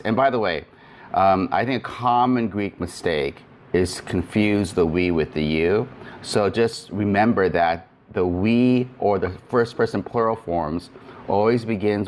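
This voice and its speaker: Man, low voice, methodical lecture, fillers and restarts, faint background hiss. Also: darkish tone. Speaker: Greek grammar teacher. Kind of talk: recorded lecture.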